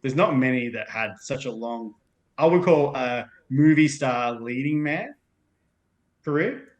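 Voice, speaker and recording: A man with a voice of ordinary pitch talks through movies in a relaxed podcast chat. He thinks out loud, stopping to rephrase and correct himself partway through his sentences. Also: unhurried, dull audio. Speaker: podcast co-host or guest. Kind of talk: casual film discussion.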